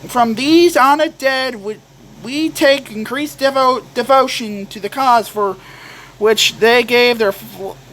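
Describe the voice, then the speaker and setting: A young man doing a slow, solemn impression of President Lincoln reciting a speech, with halting restarts. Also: extremely high pitch, fairly bright tone, poor audio.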